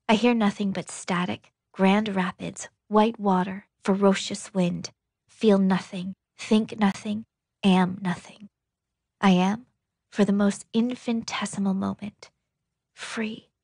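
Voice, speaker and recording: A woman narrating a novel in an intimate, breathy, half-whispered audiobook reading. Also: medium pitch, dry recording, clean studio sound.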